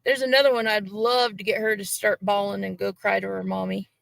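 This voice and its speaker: A woman's voice: mid-range voice, little pitch movement, a little fast, creaky, a bit bright, no echo, poor audio. A woman on a livestream, chatting in a blunt, profane, mocking way. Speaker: guest on a livestream. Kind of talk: casual gossip chat on a livestream.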